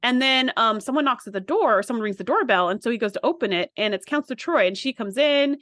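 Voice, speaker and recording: A woman co-hosting a podcast, telling the story of an episode in casual chat and acting out the lines as she goes. Her voice sits on the higher side and sounds close and dry, with no room around it. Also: fast talker, no room sound. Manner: animated storyteller, acts out quotes. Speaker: podcast co-host.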